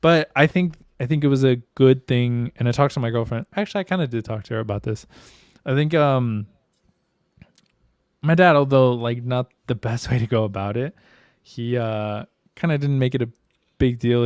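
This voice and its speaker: A man's voice: medium pitch, darkish tone, clear, resonant tone, dry recording, studio quality. A young man co-hosting a podcast, talking candidly and casually with lots of swearing and restarts. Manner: candid and profane, rambling with restarts. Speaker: podcast co-host. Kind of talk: casual chat.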